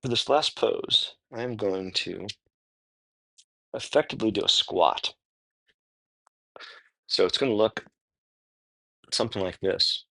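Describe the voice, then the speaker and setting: Low-pitched man with a gravelly edge, easygoing and self-correcting as he talks through floor stretches. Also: slow pace, long pauses, sharp tone, no echo. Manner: thinks aloud, self-correcting, grunts with effort. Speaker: stretching instructor. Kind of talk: casual spoken walkthrough of stretches.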